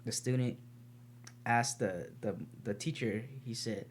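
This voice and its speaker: A man's voice: mid-range voice, steady tone, a little slow, a little hiss or hum. Brief: podcast man, martial arts teacher, earnest rambling storyteller, swears freely. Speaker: podcast co-host. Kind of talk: casual podcast chat.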